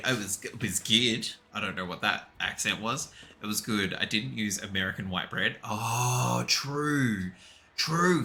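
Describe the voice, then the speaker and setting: Chatty man with a lively pitch. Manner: chatty, laughs often, reads and answers chat. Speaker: game streamer. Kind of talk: casual chat with live stream chat.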